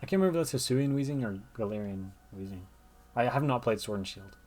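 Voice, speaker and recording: A man's voice: mid-range voice, lively intonation, fast, darkish tone, faint music behind. A man giving chatty gameplay commentary, thinking aloud as he plays. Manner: chatty, thinks aloud, reads game dialogue. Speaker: gamer.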